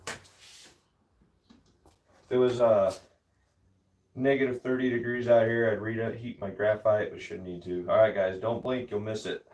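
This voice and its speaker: A man's voice: lowish voice, steady tone, a little slow, pauses often, a little mellow, lo-fi sound, slight background noise. A man giving casual live commentary to his viewers from a hot workshop, chatting straight to them as he works. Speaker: livestreamer casting metal. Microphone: phone livestream.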